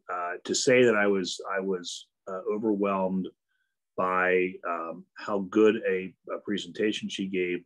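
A man's voice: deep voice, fairly bright tone, rough recording. A man hosting an award ceremony over a video call, speaking earnestly with frequent ums and uhs. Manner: many fillers, earnest and praising. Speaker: event host.

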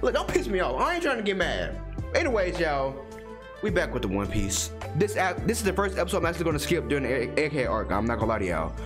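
Profane young man reacting loudly. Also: on the high side, big pitch swings, fast talker, music in the background. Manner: profane, loud, incredulous outbursts. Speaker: anime reaction YouTuber. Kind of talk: casual reaction commentary.

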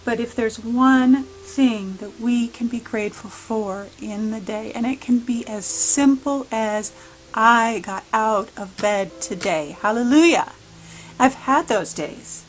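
A woman art vlogger talking casually and earnestly about her project, with many pauses and "um"s. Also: a little high, a little hiss or hum, poor audio. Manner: warm, earnest, many "um"s, gets emotional. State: a little emotional. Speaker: mixed-media art vlogger. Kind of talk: casual art tutorial and heartfelt talk.

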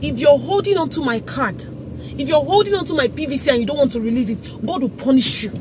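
A woman's voice: sits high, lively intonation, fast talker. A young Nigerian woman with a Nigerian accent, ranting angrily into her phone in an exasperated vlog outside a busy government office. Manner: indignant, exasperated, repeating herself. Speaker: vlogger. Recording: crowd and traffic noise behind.

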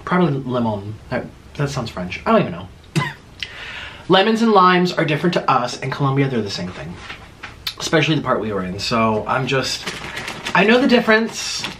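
A man's voice: medium pitch, very animated, moderate pace, fairly bright tone, slight background noise. A young man hosting an eating video, chatting and rambling casually with his mouth full. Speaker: mukbang host. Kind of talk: casual chat while eating.

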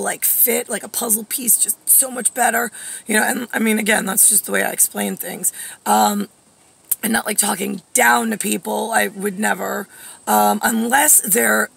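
40s woman ranting into her camera, raspy fry voice, kinda sharp, all over the place. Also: on the high side. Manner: digressive, many fillers, grows heated and swears. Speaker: vlogger. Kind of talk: rambling personal monologue.

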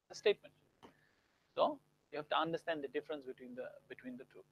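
Brief: young male grammar teacher, high-pitched, dry close sound, swoops up hard on example questions. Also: lively intonation, fast talker, long pauses, slightly rough, dry recording, dull audio. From India. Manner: explains with exaggerated example tones, rising sharply for questions. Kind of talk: live online grammar lesson.

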